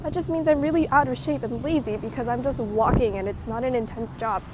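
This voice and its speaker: A young woman vlogs while walking outside, rambling chattily with lots of fillers and sounding slightly winded. Her voice is a little high and a little quick, recorded on a handheld device with a clip mic against a noisy background.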